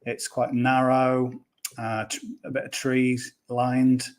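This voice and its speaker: Man, podcast guest, casual chat, rambling, fillers, middle pitch. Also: completely flat delivery, takes it slowly, clear, resonant tone. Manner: chatty, rambling with fillers and restarts. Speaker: golf betting pundit.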